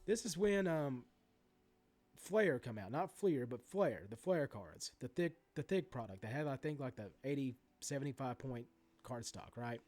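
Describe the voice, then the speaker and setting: A man's voice: medium pitch, moderate pace, soft background music. A man in his forties ranting in a vlog about sports card prices, swearing freely and going off on asides and restarts. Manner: animated, profane ranting with many asides and restarts. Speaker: sports card collector vlogger.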